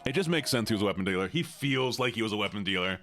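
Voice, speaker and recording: Male streamer, stuffy nose, lively up-and-down delivery, faint game music underneath. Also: lowish voice, rapid-fire. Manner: talks to chat while playing, chatty and playful. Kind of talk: casual gaming stream chat.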